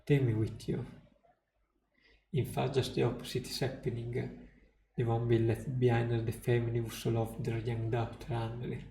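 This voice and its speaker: Streamer reading story text, gravelly and dark, flat delivery, roomy room with faint music. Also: male voice, medium pitch, brisk, slight background noise.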